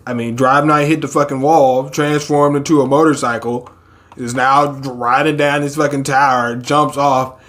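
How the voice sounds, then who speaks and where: A young man casually reading a manga chapter aloud and reacting, laughing often, swearing, and pitching his voice way up for the characters. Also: normal speed. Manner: animated, laughs often, swears, acts out characters in a high squeal.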